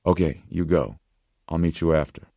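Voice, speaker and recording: Male narrator as a sharp woman doctor, brisk, probing. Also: a bass voice, gravelly, dry recording, clean studio sound. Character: sharp female doctor, alert colleague.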